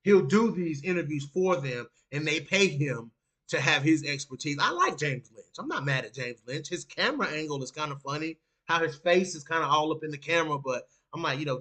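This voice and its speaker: High, bright-voiced animated male streamer. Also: brisk. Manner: animated, swinging from low asides to loud outbursts; leans on "you know what I'm saying" as a constant filler. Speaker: streamer reading live chat. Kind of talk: casual talk on a live stream about mixed martial arts.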